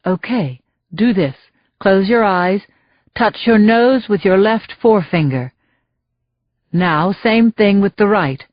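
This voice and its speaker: A woman narrator voicing a steady, reassuring male doctor in his thirties. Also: mid-range voice, slow pace, dry recording, lo-fi sound. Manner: assuring, steady.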